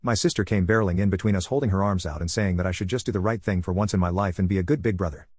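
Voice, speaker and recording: Fast-talking husky male storyteller. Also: sits low, darkish tone, dry recording. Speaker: narrator. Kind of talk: storytelling narration.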